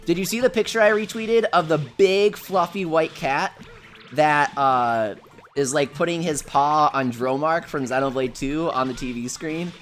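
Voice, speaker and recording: A woman's voice: low-pitched, a little slow, faint music behind. A woman from the United States hosting a casual gaming livestream, chatty and reading viewer comments aloud. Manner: chatty, reads chat aloud, gushes over pets.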